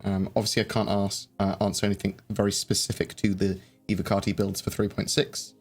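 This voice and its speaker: A man's voice: lowish voice, level tone, brisk. A man hosting a casual live chat, rambling and hesitant, with lots of fillers and restarts. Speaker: livestream host. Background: faint background music.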